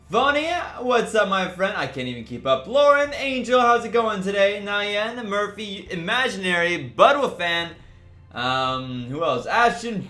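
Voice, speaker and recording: A man's voice: sits high, bright, forceful tone. A man hosting a casual livestream, upbeat, greeting viewers one after another by name. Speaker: livestream host. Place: echoey room. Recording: roomy echo, faint music behind.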